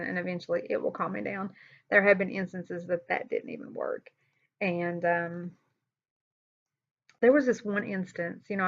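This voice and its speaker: A woman's voice: on the low side, vocal fry, fairly bright tone. A woman telling a personal story in a candid, conversational vlog, with sighs, fillers and restarts. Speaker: vlogger. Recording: slightly dull lo-fi sound.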